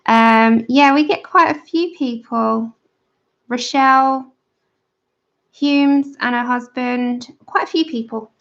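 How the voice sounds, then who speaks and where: A woman chats at an easy, slow pace as she colors on a livestream, her fairly high voice catching into gravelly fry. She talks straight to her viewers and answers their chat messages. The sound is a little dull and lo-fi. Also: steady tone, a bit bright. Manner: chatty, reads out and answers live chat. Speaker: livestream host. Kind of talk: casual chat while coloring.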